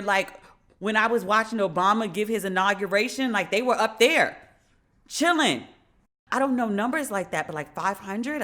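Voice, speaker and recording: Animated, profane woman storyteller. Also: fairly high pitch. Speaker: podcast host. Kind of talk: casual monologue.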